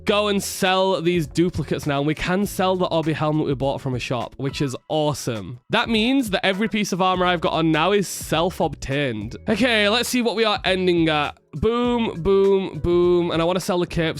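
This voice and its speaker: A man talking through his game session in a chatty, excitable, self-deprecating way as a gaming video creator. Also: on the high side. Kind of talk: casual gameplay commentary.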